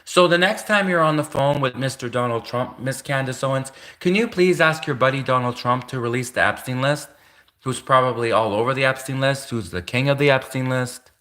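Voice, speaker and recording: Speaking straight to the person he's calling out, a livestream host rants casually and keeps repeating himself. His voice sits at medium pitch, brisk with a sharp tone.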